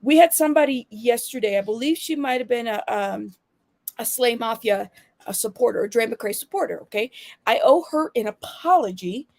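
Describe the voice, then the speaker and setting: A woman's voice: a little high, expressive, moderate pace, vocal fry, a little mellow, no echo. A woman hosting her own channel, talking bluntly and with sass straight to her viewers in casual commentary. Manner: blunt, sassy, addresses viewers directly. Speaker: channel host.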